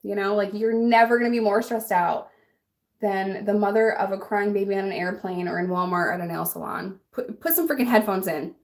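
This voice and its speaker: A woman's voice: medium pitch, a little fast. A young adult woman vlogger chatting casually and bluntly while doing her makeup, laughing often and answering a live chat.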